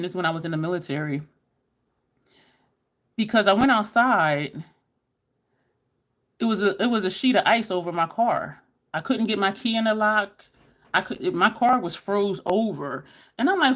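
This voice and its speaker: Middle-aged woman, animated pitch, casual storyteller on a makeup vlog. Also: moderate pace, pauses often. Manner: chatty, storytelling, addresses viewers as y'all. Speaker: beauty YouTuber. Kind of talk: casual makeup chat with stories.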